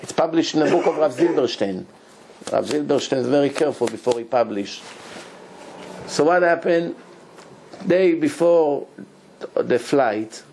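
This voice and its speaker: Animated rabbi telling stories. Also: male voice, medium pitch, creaky, a little hiss or hum. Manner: animated storyteller, acts out dialogue, laughs often. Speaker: rabbi teaching a Torah class. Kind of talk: storytelling Torah lesson.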